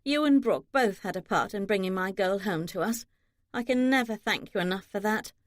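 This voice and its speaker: A woman's voice: mid-range voice, moderate pace, no room sound, studio quality, close to an everyday voice. A woman voicing an earnest, conciliatory middle-aged mother. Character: warm-hearted mother of the groom.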